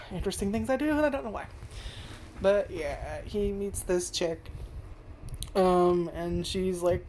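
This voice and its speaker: A woman's voice: fairly low pitch, darkish tone, slight background noise. A woman reviewing an anime at home in front of a webcam, rambling and swearing with lots of fillers. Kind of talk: casual video review. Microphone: webcam zoomed in on face.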